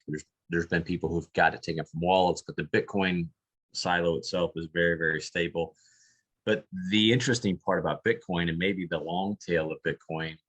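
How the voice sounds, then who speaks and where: A man with a notably low voice talks through the basics as a webinar guest. He is casual and patient, often restarting a phrase before landing it. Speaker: sales executive guest. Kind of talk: explanatory webinar talk.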